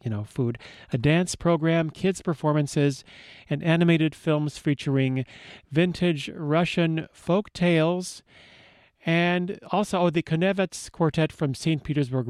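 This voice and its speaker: A man's voice: fairly high pitch, a little mellow, no room sound. A man hosting a radio show in casual chat, rambling and correcting himself as he reads out listings in a studio. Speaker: radio host.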